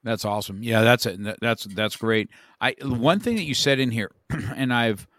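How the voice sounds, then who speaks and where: A man's voice: mid-range voice, moderate pace, fairly bright tone, dry recording, clean studio sound. A man hosting an interview, chatting casually and rambling in a self-deprecating way with many restarts. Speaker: podcast host.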